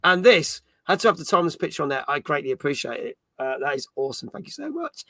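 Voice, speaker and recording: A man's voice: fairly high pitch, very animated, fast, hardly any pauses, bright, forceful tone, dry recording. A man hosting a casual gaming livestream, chatting upbeat and reading out viewers' comments. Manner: chatty, upbeat, reads viewer chat aloud. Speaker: stream host.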